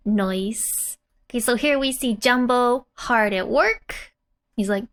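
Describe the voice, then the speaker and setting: A woman's voice: fairly high pitch, lively intonation, unhurried, fairly bright tone, clear, resonant tone. Chatty woman teaching a language lesson. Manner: chatty and giggly, with filler "like". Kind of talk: casual lesson explaining manga dialogue.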